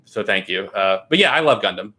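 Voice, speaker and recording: Young American male host, enthusiastic talker, lowish pitch, bright edge to the voice. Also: animated, brisk. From United States. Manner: enthusiastic, chatty, reads comments aloud. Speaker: livestream host. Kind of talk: casual livestream chat, reading viewer comments.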